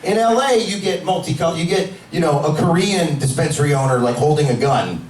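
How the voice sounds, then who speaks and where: A man performing a stand-up comedy set in a club, brash, profane and energetic. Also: fairly high pitch, brisk. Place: cannabis club stage. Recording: echoey club from far off, crowd.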